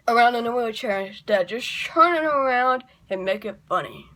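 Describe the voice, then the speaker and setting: A woman's voice: fairly high pitch, normal speed, hardly any pauses, a bit bright. A woman talking to camera in a casual vlog monologue, chatty and wry, rambling off into asides. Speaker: YouTuber.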